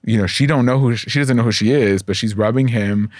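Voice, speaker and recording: A man as a podcast guest, telling personal stories in a candid, profane, animated way and acting out the voices he quotes. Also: medium pitch, fairly quick, dry recording, studio quality. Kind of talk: casual conversational storytelling.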